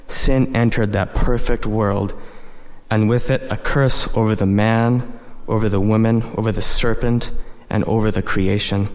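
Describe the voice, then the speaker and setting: An earnest man delivering a sermon at a middle pitch, walking his listeners through scripture verse by verse. His voice carries a long reverb tail, as if recorded in a large hall. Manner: earnest, explains verse by verse with frequent "you know". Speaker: preacher.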